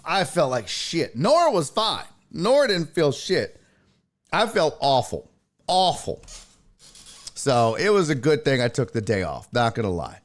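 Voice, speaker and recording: A man hosting a casual live stream, talking slowly and loosely with plenty of swearing. His pitch swings widely as he chats and calls out to viewers by name. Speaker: podcast host on a live stream. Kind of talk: casual chat, reading out live chat.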